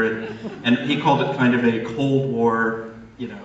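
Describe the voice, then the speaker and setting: A man's voice: medium pitch, level tone, normal speed. Male moderator asking long questions in an echoey hall. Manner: long, detailed questions with fillers. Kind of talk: live Q&A. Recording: echoey hall, far from the mic, dull sound.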